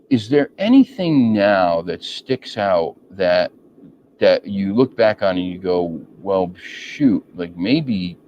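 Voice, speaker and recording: A deep-voiced man takes his time as he hosts a casual chat, circling back with ums and false starts. The audio is dull and lo-fi, with a faint hiss underneath. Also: darkish tone. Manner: rambling, many ums and restarts. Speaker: podcast host.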